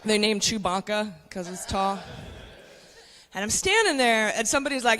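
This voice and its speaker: A woman's voice: mid-range voice, expressive, normal speed, fairly bright tone, in a large hall. A woman in her forties performing a stand-up comedy set, brash and conspiratorial, talking straight to the crowd on a club stage with a handheld mic. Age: 40s.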